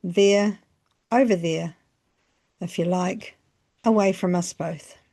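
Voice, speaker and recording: A woman narrating a scripted language lesson, phrasing each example slowly and carefully. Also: lowish voice, mellow. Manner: slow, careful phrasing with pauses between examples. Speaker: language teacher.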